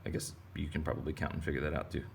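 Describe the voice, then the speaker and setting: Low gravelly-voiced man teaching kids drawing. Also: level tone, rapid-fire, slight background noise. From Texas. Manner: rambling, playful. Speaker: art teacher. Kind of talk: casual kids' drawing lesson.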